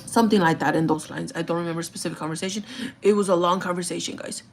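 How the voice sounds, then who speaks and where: A woman's voice: on the low side, fairly even intonation, fast talker, gravelly, slight background noise. A woman in her thirties telling a story in casual chat, rambling with lots of "like" and "you know". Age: 30s. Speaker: vlogger.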